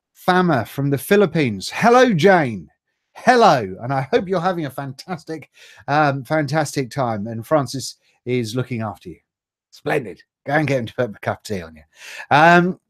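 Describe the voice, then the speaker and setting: A middle-aged man hosts a casual live stream, reading out viewer greetings in a chatty, jokey way and stumbling over names. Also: on the high side.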